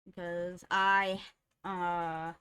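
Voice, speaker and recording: A woman's voice: on the low side, little pitch movement, drawn-out words, a bit bright, smooth. A woman streamer chatting casually with her live chat, greeting viewers by name and laughing often.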